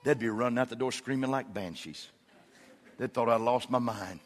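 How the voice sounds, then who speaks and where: A middle-aged man preaching a sermon, with folksy storytelling that swells into loud, emphatic preaching. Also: medium pitch, moderate pace. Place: church sanctuary.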